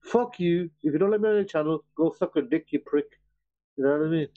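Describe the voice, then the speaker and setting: A man's voice: fairly high pitch, quick pace, no room sound. A man hosting a live stream, joking around crudely and swearing often, with a teasing, repetitive way of talking. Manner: swears freely, teasing, repeats "you know what I mean". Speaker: stream host. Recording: dull lo-fi stream audio.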